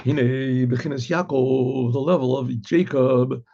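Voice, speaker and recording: A rabbi explaining a Torah text to listeners in an earnest, step-by-step way, often repeating and restarting words and dropping to a murmur for asides. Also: male voice, mid-range voice, steady tone, unhurried, dark tone. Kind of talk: Torah lesson with Hebrew and Aramaic terms. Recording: dull lo-fi recording.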